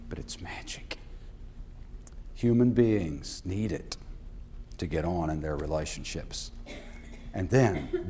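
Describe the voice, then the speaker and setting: A man speaking to a live audience, telling stories, moving between hushed tones and loud, animated bits, with faint background noise. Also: mid-range voice.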